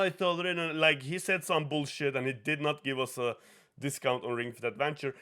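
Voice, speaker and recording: A young man with a Norwegian accent, hosting a podcast and telling an animated story, swearing and laughing often as he acts out what people said. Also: medium pitch. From Norway. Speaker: podcast host. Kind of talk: casual chat, storytelling.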